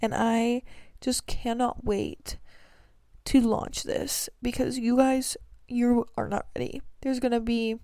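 A woman's voice: a little high, steady tone, slow pace, gravelly, warm tone, no room sound. A young woman hosting her own podcast, talking casually and earnestly about faith and a coming business launch, rambling with many fillers and restarts. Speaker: podcast host.

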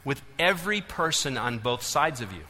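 A man preaching a sermon to a large church congregation, swinging between loud urging and hushed intensity. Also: medium pitch, big pitch swings, normal speed. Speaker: pastor. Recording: long hall reverb.

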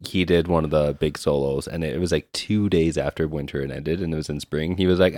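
A man co-hosting a podcast, talking in a relaxed, wry way with many fillers. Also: a bass voice, a little fast, few pauses, dry recording, clean studio sound. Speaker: podcast co-host. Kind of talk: casual chat.

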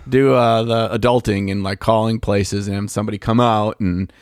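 A man's voice: lowish voice, fairly even intonation, brisk, a little mellow, dry recording, clean studio sound. A man co-hosting a podcast in a playful, rambling way. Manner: playful, rambling, makes silly sound effects. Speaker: podcast co-host. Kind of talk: casual podcast banter. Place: basement studio.

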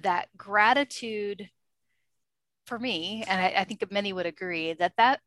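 A woman telling a personal story in a casual interview, chatty and animated, often laughing. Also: medium pitch, a little slow. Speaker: interview guest.

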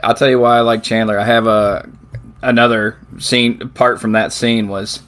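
Relaxed man chatting on a podcast. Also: medium pitch, moderate pace. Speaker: podcast co-host. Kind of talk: casual chat reviewing a sitcom episode.

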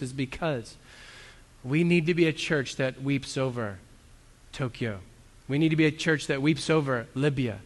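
Fairly high-pitched and a little quick, the man gives a sermon as a pastor in a church hall full of long reverb. He sounds earnest and conversational and often makes light of himself.

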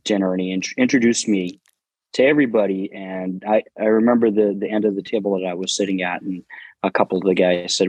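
A man, a guest on a talk show, telling animated casual anecdotes and swearing freely. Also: low voice, fairly quick, slightly rough, no room sound, highs cut off. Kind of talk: casual storytelling.

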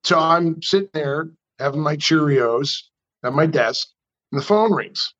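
Animated New storyteller man. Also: a little high, unhurried, highs cut off. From New York. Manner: animated, chatty storyteller who acts out quotes. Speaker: custom car builder. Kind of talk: storytelling in an interview.

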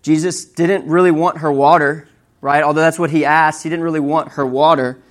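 With a somewhat high voice and a moderate pace, a young preacher talks to his audience casually. He narrates stories vividly and keeps asking "right?"

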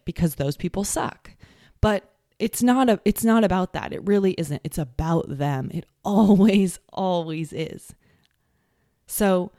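A woman's voice: lowish voice, mellow, dry recording, studio quality. A woman hosting a casual solo podcast, talking bluntly with swearing and mocking sing-song impressions of other people. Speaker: podcast host.

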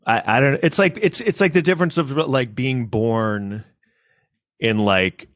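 Animated swearing man chatting. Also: mid-range voice, measured pace, no echo, studio quality. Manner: animated, swears, mimics people in quoted voices. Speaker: podcast co-host. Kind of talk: casual chat.

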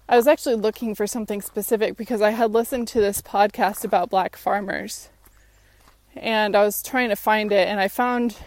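A woman talking casually and frankly on her own channel, rambling and correcting herself as she goes, a little out of breath. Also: mid-range voice. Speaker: vlogger. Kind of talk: casual chat.

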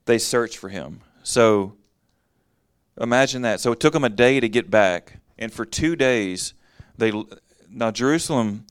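A man with a low, resonant voice leads a casual Bible teaching. He reads a passage, then explains it in plain everyday words. The sound is dry and close, with almost no room around it. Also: clear, resonant tone, no echo. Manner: conversational, reads verses then explains them in plain talk.

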